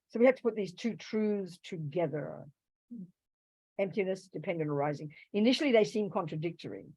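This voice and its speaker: A woman teaching Buddhist philosophy to a live class, animated, swinging from loud emphatic bursts to soft asides and acting out little quoted voices. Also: lowish voice, breathy edge, no room sound. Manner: acts out little quoted voices to make a point. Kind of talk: dharma talk to a live class.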